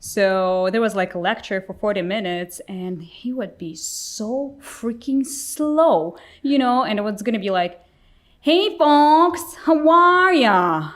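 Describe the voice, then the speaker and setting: A woman's voice: medium pitch, unhurried, few pauses. A woman whose first language is Russian, chatting casually as a podcast guest, laughing often and filling her talk with "like.". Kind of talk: casual chat.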